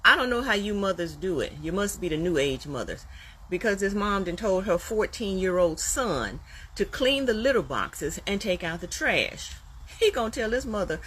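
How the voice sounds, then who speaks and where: A woman's voice: medium pitch, sing-song, moderate pace, fairly bright tone, breathy edge, poor audio. A middle-aged woman ranting to camera in a blunt, sassy, old-school scolding manner. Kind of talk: casual rant to camera.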